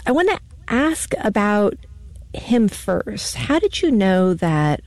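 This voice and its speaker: Slow, lively-voiced man asking questions. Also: high-pitched, dry recording. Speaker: guest interviewer. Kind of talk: radio interview questions.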